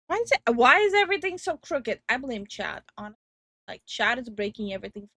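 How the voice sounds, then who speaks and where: A woman's voice: on the high side, sing-song, brisk, pushed and bright. A young woman chatting casually on a stream, giggly and teasing. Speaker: streamer and co-host.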